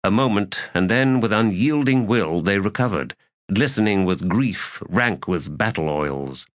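A man narrating a fantasy audiobook in a grave, measured, dramatic way. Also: lowish voice, animated, no room sound, studio quality.

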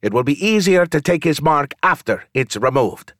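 A man's voice: on the high side, expressive, moderate pace, fairly bright tone, no room sound, studio quality, voice pushed up. A man voicing a foppish, haughty young man who turns stammering and fawning. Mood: bored haughty. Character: foppish pretty man, bored then groveling.

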